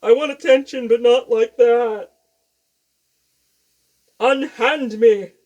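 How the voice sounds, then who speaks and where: A woman voicing her grumpy, needy female house cat in a loud, high, demanding voice. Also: slow pace, dull audio. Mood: indignant.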